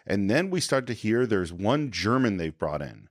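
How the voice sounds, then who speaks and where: Animated low-voiced man reviewing films. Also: normal speed, dry recording, clean studio sound. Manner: animated, retells scenes. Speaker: podcast co-host. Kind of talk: casual film review chat.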